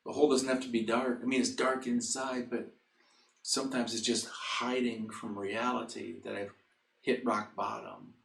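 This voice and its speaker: A man giving a chapel sermon to a camera, telling a story in an earnest way that builds to loud, emphatic passages. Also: mid-range voice, level tone, normal speed, vocal fry. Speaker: chapel speaker. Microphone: recorded to camera. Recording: roomy echo.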